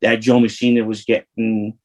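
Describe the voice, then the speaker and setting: A man's voice: lowish voice, flat delivery, normal speed, a little mellow, poor audio. A man, an interview guest telling rambling, profane street stories full of restarts. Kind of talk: casual storytelling.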